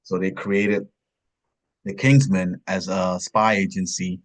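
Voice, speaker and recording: Guy cohosting a movie podcast, lowish voice, rambly, keeps saying and stuff like that. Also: level tone, slow pace. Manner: rambling, often adds "and stuff like that". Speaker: podcast co-host. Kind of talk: casual film review chat. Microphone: video call.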